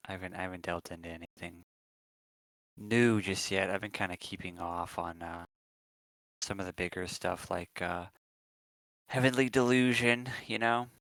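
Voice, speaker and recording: A man's voice: low voice, fairly even intonation, normal speed, pauses often, a bit bright, dry recording, low-quality recording. A man co-hosting a podcast, chatting casually and rambling with lots of ums and restarts. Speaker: podcast co-host. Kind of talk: casual chat.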